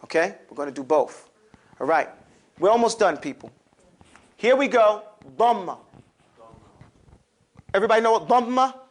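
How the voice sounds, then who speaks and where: A man's voice: high voice, fairly quick, long pauses. A man teaching an Arabic alphabet class, explaining and drilling syllables emphatically for students to repeat in a classroom.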